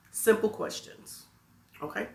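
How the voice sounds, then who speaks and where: A woman's voice: drawn-out words, fairly bright tone. A woman who works as a teacher, telling a story to her viewers in a casual, playful way, laughing as she goes. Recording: echoey room.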